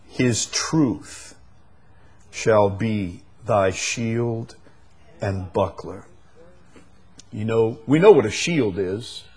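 Slowly and emphatically, a male preacher delivers his sermon, his voice slightly rough. He breaks into sudden loud, high bursts and then drops down soft.

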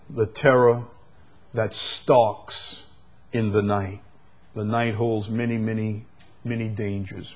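Here a male preacher speaks slowly and with emphasis through a sermon, punctuated by sudden loud, high bursts and gentle drops.

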